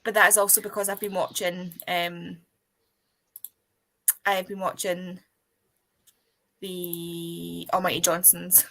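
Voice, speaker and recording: Chatty woman, bright voice. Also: lowish voice, level tone, slow pace, gravelly, pauses often, rough recording. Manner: chatty, tangential, curious. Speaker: livestream co-host. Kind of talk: casual group chat on a livestream.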